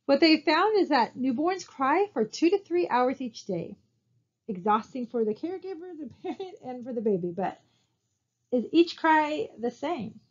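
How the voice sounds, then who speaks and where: A college instructor records a slide lecture at normal speed, her fairly high voice sing-song. She talks conversationally and regularly stops to ask her students rhetorical questions. The sound is a bit dull and lo-fi.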